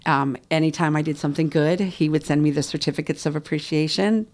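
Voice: mid-range voice, steady tone, fairly quick, a little mellow. A guest in an interview telling an emotional personal story and often acting out what people said. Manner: emotional, reenacts dialogue.

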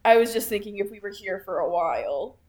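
A woman's voice: medium pitch, animated, fairly quick, a little mellow. A woman playing a tabletop game, chatty and polite, laughing easily. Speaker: player. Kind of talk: casual tabletop play.

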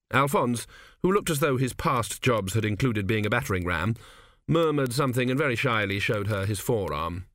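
A man reads a comic novel aloud with wry, expressive delivery, his pitch rising and falling in a lively way. The recording is dry and close, with no room sound. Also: moderate pace, no echo. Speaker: audiobook narrator. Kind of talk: scripted narration.

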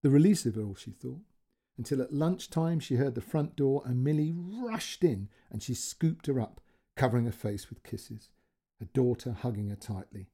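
Brief: male storyteller, expressive story reading, gravelly and husky. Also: mid-range voice, normal speed. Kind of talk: scripted narration of a short story.

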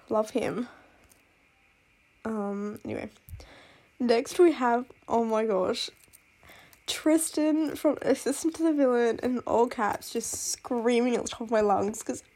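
A woman's voice: fairly high pitch, dark tone. A young woman chatting casually about books she loves, gushing and rambling with lots of fillers, while sick with a cough. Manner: gushing and rambling, full of "like" and "oh my god". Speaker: book vlogger. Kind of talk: casual chat.

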